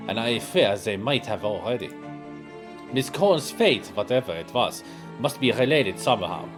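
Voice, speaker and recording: Man reading game lines aloud, lively pitch. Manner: expressive, acts out lines. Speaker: streamer.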